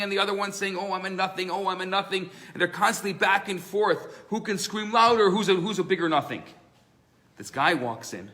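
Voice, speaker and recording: A rabbi teaching a live class in a synagogue room. His voice sits a little high for a man, and he tells his stories with animated, acted-out quotes. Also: brisk. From Canada. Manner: animated storyteller, acts out voices in his tales.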